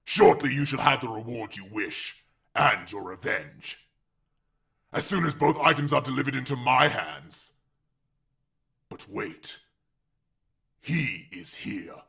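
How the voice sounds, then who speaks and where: A man's voice: mid-range voice, lively intonation, sharp tone, full character voice. A man voicing an ancient evil male being speaking from a pit, cold, scornful and commanding in an audiobook. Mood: menacing. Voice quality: slow, gravelly, cold and menacing. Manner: drawn-out, commanding delivery. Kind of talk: audiobook character voice.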